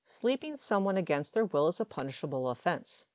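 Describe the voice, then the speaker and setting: Woman voicing a weary, gentle mother. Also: on the low side, big pitch swings, a little fast, no echo. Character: weary, grieving mother, soft-spoken woman.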